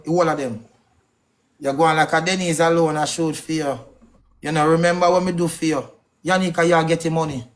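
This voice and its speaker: A man with a Jamaican accent delivering a heated, accusing rant on a live stream, firing off questions. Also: a little high. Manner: angry, accusing, rapid-fire questions.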